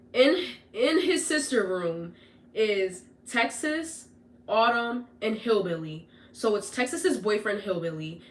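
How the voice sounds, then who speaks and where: A young woman casually telling a personal story to her viewers, animated, swearing often and tagging lines with "whatever" and "right?". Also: medium pitch.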